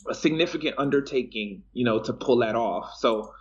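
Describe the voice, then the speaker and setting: A podcast co-host with a mid-range voice talks at normal speed, casually explaining technology at length and filling his speech with fillers. The tech chat comes through as a dull, lo-fi home recording.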